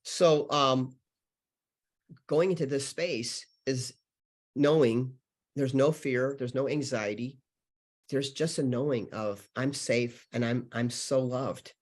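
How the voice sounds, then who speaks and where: Speaking slowly in a mid-range voice, a male guest on a spiritual podcast, a healer and channeler, shares stories in an interview. He's sincere yet meandering, with frequent filler words.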